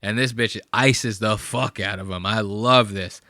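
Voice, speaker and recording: Bright-voiced man with profane, rambling talk. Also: lowish voice, steady tone, a little slow, no echo, clean studio sound. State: high on marijuana. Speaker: reaction video host. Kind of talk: casual reaction commentary.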